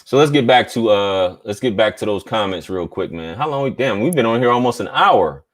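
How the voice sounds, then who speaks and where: A man's voice: fairly low pitch, lively intonation, fairly quick. A man hosting a casual live stream, talking in a laid-back, slangy way and reading viewer chats aloud.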